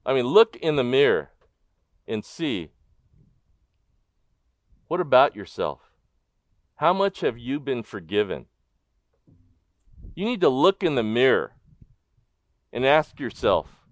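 A man preaching a sermon as pastor, animated in his storytelling and asking the congregation direct questions. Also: mid-range voice, slow, long pauses, no room sound. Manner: animated storytelling, acting out the crowd's disbelief.

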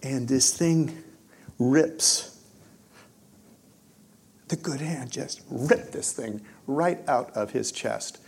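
A man preaching and telling his own story, swinging between hushed moments and loud, excited bursts. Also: medium pitch, extremely slow, creaky, pauses often, slightly rough. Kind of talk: testimony storytelling in a sermon.

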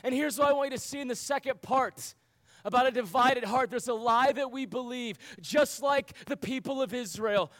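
A man's voice: very high voice, moderate pace, fairly bright tone. A man preaching a sermon to young people, earnest, with rhetorical questions and emphatic repetition. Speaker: youth pastor.

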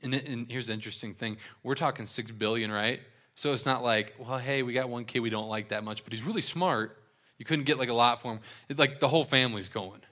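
A young male pastor working through a scripture passage, with quick jokes dropped between verses. His voice is bright and forward, and his pitch sits in a middle range. He talks in a relaxed, conversational way. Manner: casual, joking asides while reading scripture. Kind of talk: sermon with Bible reading.

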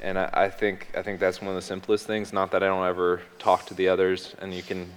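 A man's voice: low voice, monotone, brisk, clear, resonant tone. A man sharing a personal faith testimony as a guest, hesitant, with frequent ums and restarts, speaking on a stage. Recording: long hall reverb.

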